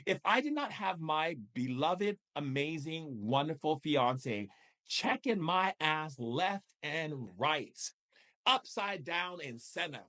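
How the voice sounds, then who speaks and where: A man's voice: on the high side, animated, slow pace, sharp tone. A man leading a live spiritual coaching session as a shamanic teacher, emphatic and repetitive, with pointed rhetorical questions.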